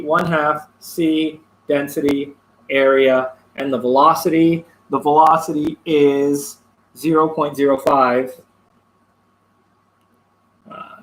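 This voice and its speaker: A man teaching a physics lesson, explaining a worked problem step by step with pauses and fillers. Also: a little high, fairly bright tone, reverberant, poor audio. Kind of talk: classroom lecture working through a problem.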